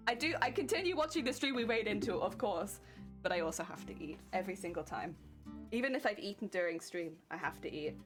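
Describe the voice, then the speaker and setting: A young British woman chatting casually on a live crafting stream, giggly and sleepy, thanking viewers by name. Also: fairly low pitch. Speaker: cosplay streamer. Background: guitar music playing.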